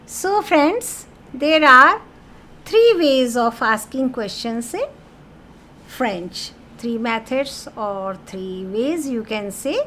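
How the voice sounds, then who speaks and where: A woman teaching a French grammar lesson, speaking very slowly and patiently in a slightly high voice. She repeats key terms and drops French phrases into her English explanations. A faint ambient hum sits under her voice. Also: animated, bright, forceful tone.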